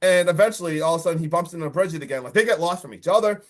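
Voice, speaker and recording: Excited man recapping a horror film. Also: a little high, very fast. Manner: excited, swearing, acts out lines from the film. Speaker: podcast host. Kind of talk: casual movie recap.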